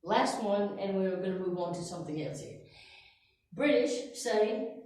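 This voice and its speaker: An American woman teaching an English lesson, slowly and carefully enunciating example words. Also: fairly low pitch, a little mellow. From United States. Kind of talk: slow, deliberate language lesson. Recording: echoey room, voice from a distance.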